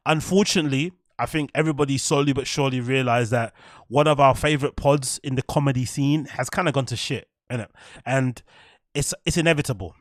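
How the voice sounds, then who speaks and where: A man's voice: medium pitch, dry recording, studio quality. A British man hosting a podcast, ranting in heated, profane comedic commentary and laughing at his own jokes. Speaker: podcast host.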